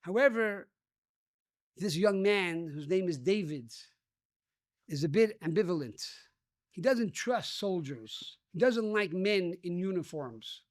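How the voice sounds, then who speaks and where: A man's voice: high-pitched, expressive, slow, dry recording, clean studio sound. A rabbi giving a sermon, telling a story and addressing his listeners as dear friends.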